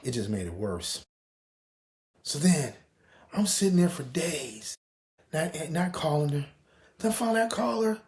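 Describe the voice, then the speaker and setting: A man's voice: a little high, very animated, unhurried, long pauses, a little mellow. A man telling a personal story as a podcast host, profane and dramatic. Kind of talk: casual storytelling monologue.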